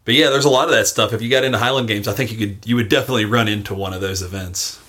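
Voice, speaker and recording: A man's voice: on the low side, steady tone, rapid-fire, fairly bright tone. A man hosting a casual interview podcast, speaking hesitantly with many filler sounds. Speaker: podcast host.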